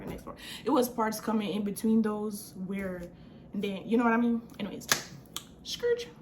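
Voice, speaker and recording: A young adult woman vlogger telling a storytime in a casual, slangy, animated way, acting out what people said. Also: medium pitch, a little hiss or hum. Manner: animated, slangy, acts out quotes.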